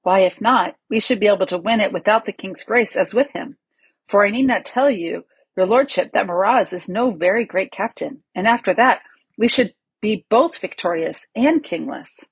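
A woman's voice: mid-range voice, moderate pace, husky, no echo. A woman reading the part of a resentful, scheming male lord with a sly, grumbling manner.

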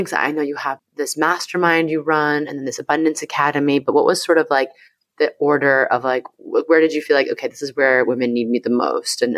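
A woman's voice: sits low, no room sound. A woman hosting a podcast interview, effusive and gushing, rambling through her thoughts with many fillers. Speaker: podcast host. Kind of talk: casual interview chat.

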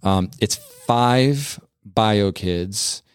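A man's voice: fairly low pitch, extremely slow, clean tone, dry recording, clean studio sound. A middle-aged man hosting a church podcast, chatting casually with children in an easygoing way, chuckling often, with many fillers and restarts. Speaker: pastor and podcast host.

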